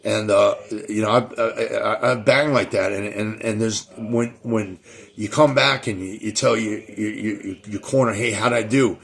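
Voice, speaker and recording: A man's voice: fairly low pitch, steady tone, a little slow, gravelly, fairly bright tone. A middle-aged man hosting his own show, talking casually in a rambling way, with many restarts and repeated words. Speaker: show host. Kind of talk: casual monologue.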